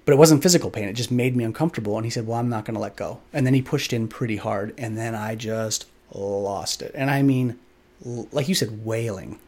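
A man's voice: mid-range voice, brisk, darkish tone. A man hosting a podcast, telling a candid personal story in an earnest, reflective way and leaning on lots of filler "like"s. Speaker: podcast host.

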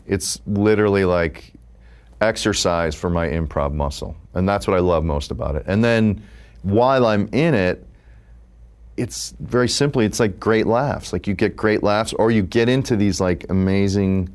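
In a casual interview, a man in his fifties who does improv comedy talks with a fairly low pitch and a clean tone, moving at a moderate pace. He's relaxed and rambling, saying "like" over and over.

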